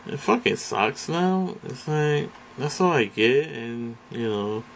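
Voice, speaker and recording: A man's voice: mid-range voice, animated, slow, creaky, slight background noise. A man from Britain ranting in a casual vlog, profane and rambling, hesitating often. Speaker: vlogger. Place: indoors, face off camera.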